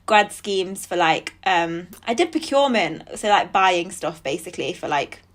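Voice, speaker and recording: A woman's voice: lowish voice, lively intonation, moderate pace. A young woman, chatting as a podcast guest, laughing often and acting out other people's lines. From England. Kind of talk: casual chat.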